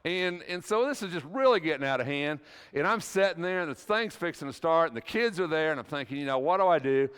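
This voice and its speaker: A middle-aged man preaches in a church sanctuary, folksy and conversational, telling a personal story with frequent restarts. His fairly bright, clean voice sits high, animated and fast, with a big-room sound.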